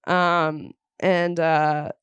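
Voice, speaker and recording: Podcast host, young woman, lively swearing storyteller, smooth low voice, dry close sound. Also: extremely slow, no room sound. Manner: animated storyteller, swears freely, laughs often. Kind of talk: casual movie recap chat.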